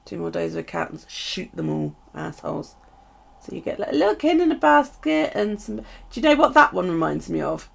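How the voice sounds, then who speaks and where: A woman's voice: lowish voice, very animated, brisk, creaky. A middle-aged woman with a British accent, chatting casually to viewers while unboxing craft supplies and gushing over them. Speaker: craft live streamer.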